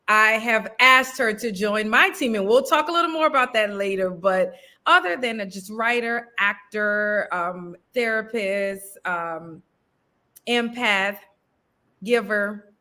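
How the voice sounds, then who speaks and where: A woman's voice: mid-range voice, a little slow, sharp tone. A woman, a writer and actor, chatting casually as an interview guest with frequent ums. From New Orleans.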